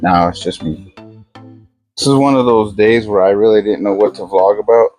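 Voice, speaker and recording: Soft background music sits under an older man's fairly low, darkish voice at a moderate pace. He's vlogging a casual day in his life, filming on his phone outdoors by his garage while working on a fridge. His talk rambles easily, much of it to himself as he works.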